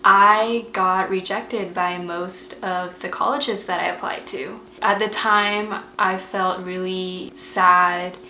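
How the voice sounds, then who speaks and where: Young woman, bright clear voice, slow chatty delivery, roomy echo, faint background hiss. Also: mid-range voice. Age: young adult. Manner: chatty, emotional, lots of "like" fillers. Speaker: vlogger. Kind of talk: casual advice vlog.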